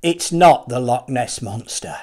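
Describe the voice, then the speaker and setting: A man's voice: mid-range voice, unhurried, a little mellow. A man and children's puppeteer telling a Bible story in a playful, dramatic way. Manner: playful, dramatic, with lots of vocal swings.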